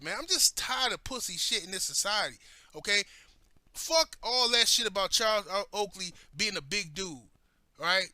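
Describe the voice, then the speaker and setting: A man delivers a heated, profane rant as a commentary host. His voice sits high and sounds strikingly bright. The recording is dry and close, with no room sound. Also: lively intonation, normal speed, no echo.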